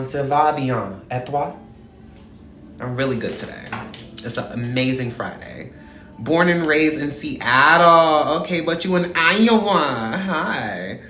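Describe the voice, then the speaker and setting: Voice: mid-range voice, fairly bright tone. A live stream host chatting casually and greeting viewers one by one in an upbeat way. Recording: echoey room with faint music.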